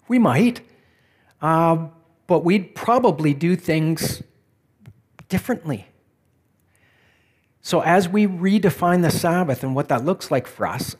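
Man giving a conversational sermon. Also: on the high side. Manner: conversational, reflective, with restarts and questions. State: back pain. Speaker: preacher.

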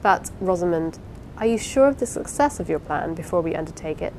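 A woman reading the part of a gentle blind husband in an audiobook, measured and tender. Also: on the low side, expressive, a little hiss or hum, low-quality recording. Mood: earnest.

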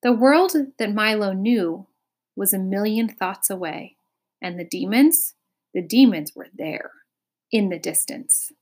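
A woman narrating a chapter of a children's storybook. Her delivery is expressive, with dramatic pacing, and her voice sits at a middle pitch. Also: a little slow. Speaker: audiobook narrator.

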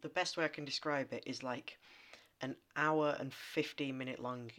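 Bright-voiced man with deadpan quips. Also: mid-range voice, moderate pace. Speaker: podcast co-host. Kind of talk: casual film chat.

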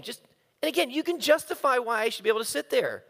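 A man's voice: very high voice, lively intonation, fast talker, creaky, fairly bright tone, in a large hall. A man giving a humorous, self-mocking sermon, telling stories and acting out the quotes. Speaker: speaker.

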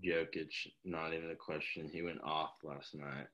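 A man's voice: rumbling low, level tone, normal speed, fairly bright tone, lo-fi sound. A man co-hosting a casual podcast, answering quiz questions with good-humored banter.

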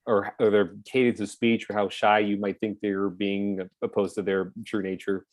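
A man's voice: fairly low pitch, normal speed, no echo. A young man, an actor as a guest, talking casually about his past, laughing often and acting out what others said. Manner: relaxed, laughs often, acts out voices of others. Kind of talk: casual interview chat.

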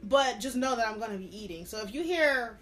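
A woman's voice: on the high side, expressive, a little fast, a bit bright, faint music behind. A woman co-hosting a podcast in casual chat, earnest and emphatic as she gives advice. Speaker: podcast co-host.

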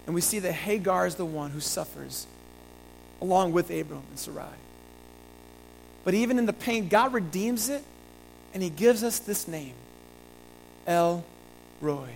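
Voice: medium pitch, lively intonation, measured pace, creaky, long pauses, slight background noise, poor audio. A pastor preaching a sermon, earnest, repeating phrases and building to emphatic peaks.

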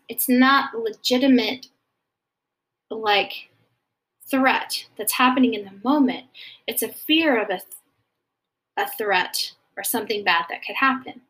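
A woman counselor explaining anxiety gently, often checking in with "okay?", then reading scripture. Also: fairly high pitch. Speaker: Christian counselor teaching about anxiety. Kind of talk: faith-based teaching talk.

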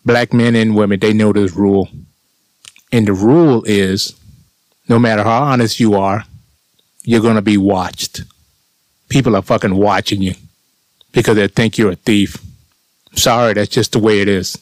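Middle-aged man, lowish voice, dry close sound, casual profane storyteller. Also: normal speed, pauses often, dry recording. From United States. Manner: animated, profane, indignant.

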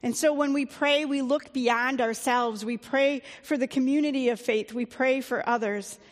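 A woman pastor preaching in an easygoing, conversational way, with a few fillers along the way. Her voice sits a little high for a woman, and a long reverb trails after her words, as in a church sanctuary. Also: steady tone, moderate pace. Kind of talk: sermon.

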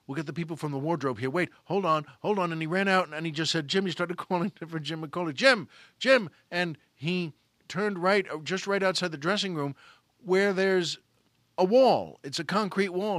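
Comedian, male, bright forceful voice, lively anecdote with acted-out voices, dry close mic. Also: a little high, dry recording. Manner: animated, acts out voices of people in the story. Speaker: comedian telling a story. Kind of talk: comic storytelling.

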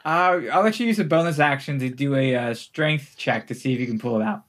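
A man's voice: medium pitch, a little fast, fairly bright tone. A man narrating as game master, easygoing and often breaking into laughter between rulings.

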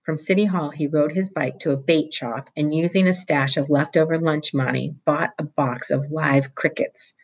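Husky-voiced novel reader. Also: medium pitch, moderate pace, few pauses, rough recording. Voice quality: steady reading with small slips and restarts. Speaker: audiobook reader. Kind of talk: reading a novel aloud.

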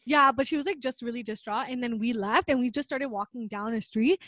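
A young woman with a high voice tells a story in relaxed chat, full of fillers and acted-out quotes. The sound is dry and close, with no room echo. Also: a little fast. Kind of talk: casual chat.

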